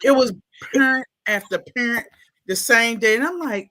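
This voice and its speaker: A woman's voice: fairly high pitch, normal speed. A woman with a Baltimore accent telling stories casually in an interview, laughing and acting out what people said. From Baltimore, USA. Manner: animated, laughing, acts out quotes in exaggerated voices. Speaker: guest, school staff.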